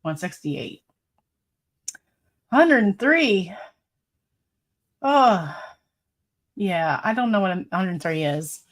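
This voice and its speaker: A woman's voice: medium pitch, expressive, slow, pauses often. A woman hosting a casual live stream, reading viewer comments aloud in a chatty, rambling way and laughing often. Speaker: livestream host.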